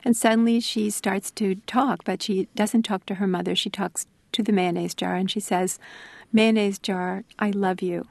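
A middle-aged woman, an author being interviewed, telling stories in a thoughtful, soft-spoken way that sometimes sinks to a near-whisper. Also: mid-range voice, little pitch movement, normal speed, vocal fry, few pauses, no echo. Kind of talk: reflective interview storytelling.

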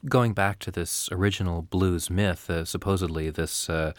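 A man hosting an interview, asking measured, inquisitive questions. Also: low-pitched, fairly even intonation, no echo, soft background music. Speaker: interviewer, host.

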